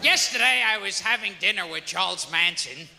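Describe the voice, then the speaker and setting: Man, stand-up comedy, shouting delivery, wildly swinging pitch, noisy hall recording. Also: lively intonation, moderate pace, creaky. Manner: loud, shouting delivery with sudden bursts. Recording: archive stand-up clip, echoey hall, background noise.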